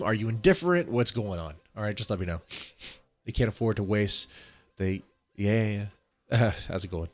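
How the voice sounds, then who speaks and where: A man hosting a casual live-stream reaction, rambling and repeating himself as he talks to his chat, congested from allergies. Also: mid-range voice.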